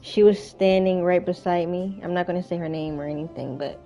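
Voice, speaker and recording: Casting note: young woman, casual storytime vlogger, rambling and chatty, soft music behind. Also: on the low side, fairly even intonation, fairly quick. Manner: chatty, rambling, frequent fillers. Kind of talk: casual storytime while playing a game.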